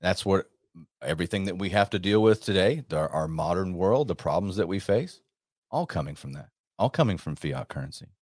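Male radio host, very low voice, dry close sound, emphatic and rambling. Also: animated, a little fast, a little mellow, dry recording. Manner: emphatic, rambling, with frequent restarts. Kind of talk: monologue commentary.

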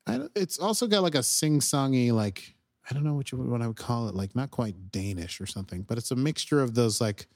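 A young man co-hosting a podcast, excitedly recapping an episode in casual chat and acting out the characters' lines. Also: mid-range voice, brisk. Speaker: podcast co-host.

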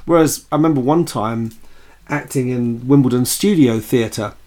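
A man co-hosting a podcast in casual chat, relaxed and chatty, laughing easily as he tells stories about acting. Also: mid-range voice, normal speed. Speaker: podcast co-host and actor.

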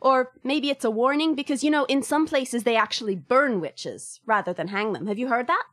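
A woman's voice: on the high side, brisk, a bit bright, dry recording, clean studio sound, natural voice. A woman putting on a wry Irish girl jailed as a witch. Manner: chatty, wry, a little grim. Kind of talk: character voice in a tabletop game.

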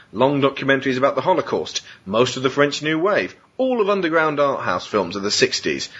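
Guy hosting a podcast, lively up and down voice, swears a lot, kinda dull muffled audio. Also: mid-range voice, husky. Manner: animated, sweary, reads out rules. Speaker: podcast host. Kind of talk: casual chat.

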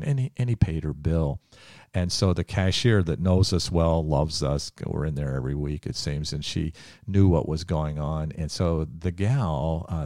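Low-voiced earnest preaching man. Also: a little mellow, no room sound, studio quality. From Ohio. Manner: earnest, emphatic, with frequent filler words. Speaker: pastor and podcast host. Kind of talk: preaching storytelling.

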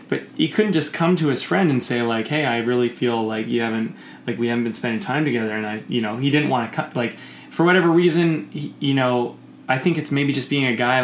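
Guy rambling in casual chat, swears a lot, echoey room w/ a bit of hiss. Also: mid-range voice. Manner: rambling, animated, swears, acts out quoted voices. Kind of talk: casual conversation. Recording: echoey room with faint noise.

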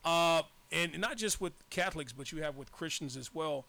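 A man from Arkansas talks candidly on a radio talk show. His voice sits a little high, with a gravelly edge and a bright, forceful tone. He tells his stories emphatically. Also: normal speed. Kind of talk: casual chat.

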